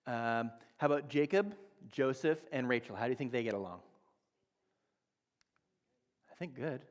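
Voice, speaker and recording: A man in his thirties talks through a sermon in a relaxed teaching manner, now and then acting out little exchanges. His voice sits in a middle register. The sound carries the long echo of a church hall. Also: medium pitch, a little fast. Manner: conversational teaching, acts out quoted dialogue. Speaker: church speaker. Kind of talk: sermon on relationships. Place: church sanctuary.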